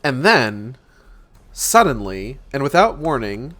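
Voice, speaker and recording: A man's voice: medium pitch, sing-song, slow, fairly bright tone, soft background music. A young man hosting a book club stream, reading a novel aloud and breaking in with sarcastic, profane commentary.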